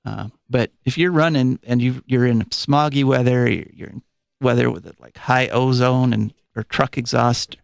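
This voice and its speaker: A man's voice: mid-range voice, fairly even intonation, normal speed, creaky, no room sound. A man hosting a live call-in radio show, chatty and rambling with fillers, a little out of breath. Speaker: radio host. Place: radio studio. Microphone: studio microphone.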